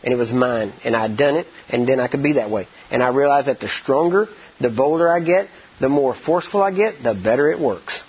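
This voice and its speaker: A man preaching a sermon, rambling with many "I mean" and "you know", acting out quoted speech and slowing down to stress scripture. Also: mid-range voice, slightly rough. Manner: slows down and stresses words when teaching scripture. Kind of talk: sermon with storytelling. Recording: dull lo-fi recording.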